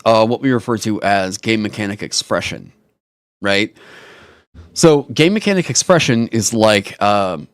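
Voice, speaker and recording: A man hosting a casual live stream, talking in an animated, rambling way and swearing casually into a headset mic. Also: lowish voice, no echo, clean studio sound. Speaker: streamer host.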